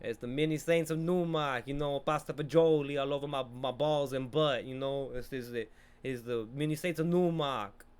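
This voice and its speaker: A man's voice: medium pitch, measured pace, hardly any pauses, dark tone, smooth, lightly acted. A man putting on a hammy mock mobster voice with an exaggerated, drawling delivery. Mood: boastful. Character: mock mobster man with a put-on Italian-American accent.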